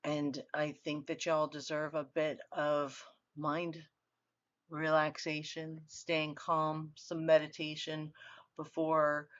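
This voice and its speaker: A woman's voice: low-pitched, monotone, slow pace, dry recording. A woman giving a university lecture in an earnest, conversational way, often restarting her phrases. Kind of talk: recorded online lecture. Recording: dry, dull lo-fi recording.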